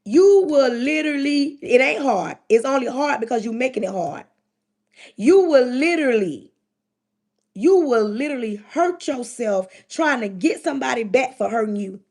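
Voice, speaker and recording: A middle-aged woman speaks on a livestream in a preaching manner, her voice sitting a little higher than most. She hammers home each point with repetition and addresses the listener directly. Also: animated, normal speed, a little mellow. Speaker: livestream host giving spiritual advice. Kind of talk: preaching-style livestream talk.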